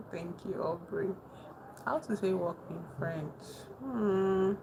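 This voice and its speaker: A young woman chatting casually with her live-stream chat, soft-spoken and calling herself very emotional. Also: medium pitch, takes it slowly, creaky, dull audio. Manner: soft-spoken, thanks chat warmly, says she is very emotional. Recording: noticeable background noise.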